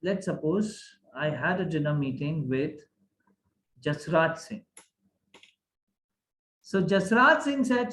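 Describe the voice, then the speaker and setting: Guy teaching grammar online, keeps asking right? okay?, bouncy pitch, echoey room. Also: takes it slowly, pauses often. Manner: animated, asks the class many checking questions.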